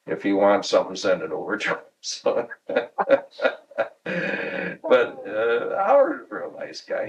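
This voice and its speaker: A man in his sixties from Michigan, USA recalls workplace anecdotes at home for an oral history interview, chuckling and acting out quoted dialogue as he reminisces. His voice is on the low side, captured on a distant mic in a muffled recording with slight background noise.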